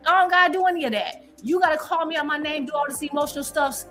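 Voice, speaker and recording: A woman's voice: sits high, fast talker, bright, forceful tone, soft background music. A woman on a live-stream panel, arguing in a confrontational, defiant way and repeating her points.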